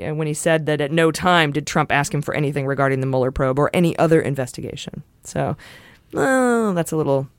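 A woman's voice: low voice, fairly quick, no echo, studio quality. A woman co-hosting a political podcast, talking casually in a blunt, profane, sarcastic way. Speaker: podcast co-host.

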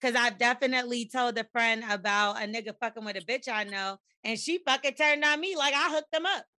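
A woman's voice: fairly high pitch, fairly quick, pushed and bright, no room sound, clean studio sound. A woman co-hosting a podcast in casual chat, blunt and profane, acting out quoted conversations with animation. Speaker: podcast co-host.

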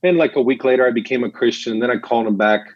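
A man's voice: mid-range voice, rapid-fire, breathy edge, no echo. A man, an interview guest and missionary, telling his story animatedly and acting out the dialogue. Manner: animated storyteller, acts out quoted dialogue, laughs. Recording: dull, lo-fi dry sound.

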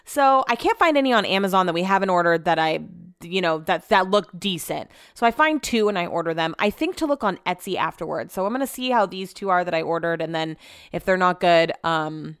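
A woman's voice: fairly low pitch, lively intonation, fairly quick, smooth, no echo, clean studio sound. A young adult woman, a radio show host, telling rambling everyday stories in a casual chat, cursing freely as she goes. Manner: rambling, profane storytelling.

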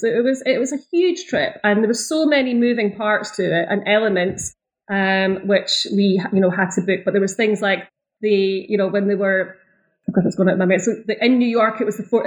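A Scottish woman talking as an interview guest, her voice sitting at an ordinary middle pitch. She chats freely, doubles back on her phrases and breaks into easy laughs. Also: rough recording. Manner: chatty, restarts phrases, laughs easily. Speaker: guest, travel business owner. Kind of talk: conversational interview.

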